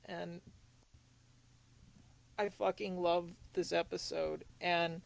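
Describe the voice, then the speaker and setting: High-voiced earnest young man. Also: little pitch movement, gravelly. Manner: earnest, halting, with many restarts; emotionally open, confessional. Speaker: podcast co-host. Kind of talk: casual podcast talk.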